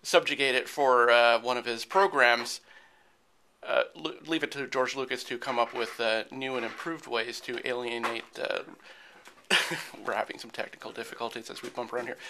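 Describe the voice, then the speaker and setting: A man co-hosting a casual movie chat, joking dryly and pausing often with fillers. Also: medium pitch, sharp tone, slight background noise. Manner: dry joking, hesitant with many uh fillers. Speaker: podcast co-host.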